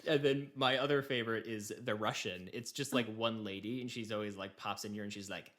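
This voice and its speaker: A man's voice: fairly low pitch, fairly even intonation, a little fast, a bit bright. A man co-hosting a podcast in casual chat, rambling with fillers and laughing. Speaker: podcast co-host.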